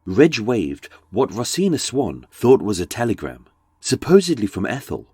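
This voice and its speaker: Husky-voiced British man narrating true crime. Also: medium pitch, huge pitch swings, normal speed, a little mellow, no echo. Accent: British English. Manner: dramatic, darkly wry storytelling. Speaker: podcast narrator.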